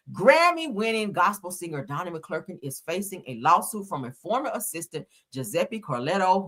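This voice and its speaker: A woman's voice: lowish voice, a bit bright, husky. A woman giving sassy, dramatic gossip commentary, full of exclamations.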